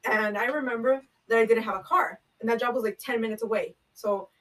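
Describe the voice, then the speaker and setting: A woman's voice: fairly high pitch, brisk, a bit bright, recorded from a distance, rough recording. A young woman telling a job story in casual chat, rambling with lots of fillers and swearing. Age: young adult. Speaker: podcast co-host.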